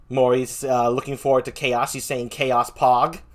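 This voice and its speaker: A man hosting a casual livestream talk show, playful and giggly, with big showman announcer bursts. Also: mid-range voice. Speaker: host.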